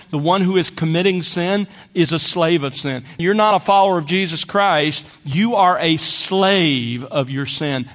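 A man preaching a sermon as a pastor, in a measured way that slows down for scripture quotes. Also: a little high, fairly bright tone, long reverb tail.

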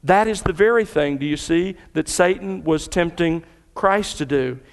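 A man's voice: a little high, normal speed, gravelly, long reverb tail. A man preaching a sermon to his congregation in earnest, building emphasis through repetition. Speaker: pastor. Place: church sanctuary.

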